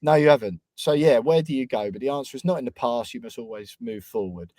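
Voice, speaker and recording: Man, podcast host, chatty and self-mocking, mid-pitched voice, dry close sound. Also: fast, mellow, dry recording. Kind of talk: casual podcast chat.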